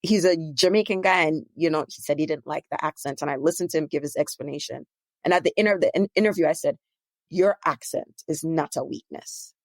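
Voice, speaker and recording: A woman's voice: deep voice, a little fast, no room sound. A woman hosting a podcast, talking in a chatty way with many asides. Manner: chatty, frequent "you know" and "right?". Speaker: podcast host. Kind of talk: casual podcast conversation.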